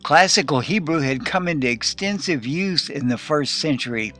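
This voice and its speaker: A man teaching a recorded Hebrew class, explaining plainly and slowing down to sound out Hebrew words. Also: on the high side, expressive, sharp tone, soft background music. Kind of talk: recorded lesson.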